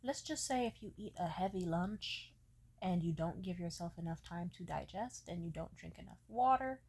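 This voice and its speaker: Profane, animated young woman telling a story. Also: fairly low pitch, moderate pace, creaky, breathy edge. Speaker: vlogger. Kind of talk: casual storytime.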